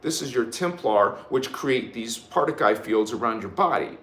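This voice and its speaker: A man's voice: mid-range voice, animated, normal speed, echoey room. A man giving a live spiritual sermon, emphatic and repetitive, leading the listeners in chanted affirmations and often restarting his sentences. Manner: rambling with frequent restarts. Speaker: spiritual teacher hosting a live show.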